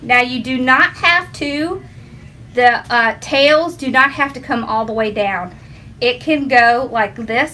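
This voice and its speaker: Woman, high voice, homey chatty craft host, faint room noise. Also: pushed and bright. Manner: chatty, homey, talks to viewers and her dog. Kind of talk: casual how-to demonstration.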